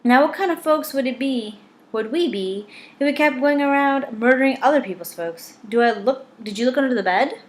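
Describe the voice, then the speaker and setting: A woman's voice: sits high, lively intonation, brisk, voice pushed up. A woman reading the part of a whining pregnant hired killer, with no accent put on. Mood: whiny.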